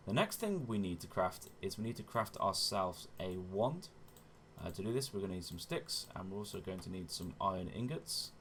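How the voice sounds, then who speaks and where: A man's voice: sits low, a bit bright, a little hiss or hum. A man hosting a gaming channel, giving chatty step-by-step gameplay commentary and often correcting himself as he goes. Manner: chatty, self-correcting, often says "wonderful".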